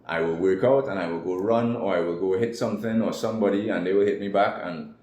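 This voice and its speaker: A man with a Trinidadian accent and a very deep voice tells a raw, candid personal story as an interview guest. The room sounds echoey, with a faint hum of noise behind him. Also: fast, a little mellow, highs cut off.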